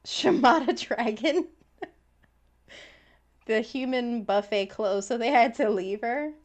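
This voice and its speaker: A woman streaming a game live, reacting loudly, swearing and shouting at the screen. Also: fairly high pitch, slow. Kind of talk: live gameplay reaction commentary. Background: loud game music and sound effects.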